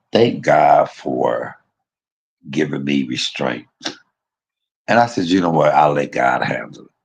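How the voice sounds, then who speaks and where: A man with a deep, gravelly voice that has a husky edge, telling a personal story in a casual vlog. He talks bluntly and profanely, laughing at himself, and his pitch swings widely as he tells it. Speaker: vlogger.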